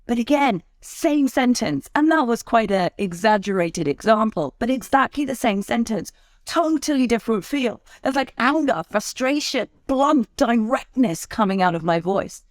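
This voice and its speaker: A woman's voice: fairly high pitch, expressive, normal speed, no room sound, clean studio sound. A woman who works as a speaker trainer, talking expressively as a podcast guest and shifting her tone to make her points. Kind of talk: conversational interview.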